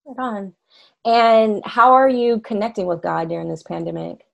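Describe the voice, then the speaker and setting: A woman interviewing a guest in a relaxed, casual way with brief replies. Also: medium pitch, normal speed, vocal fry, dull audio.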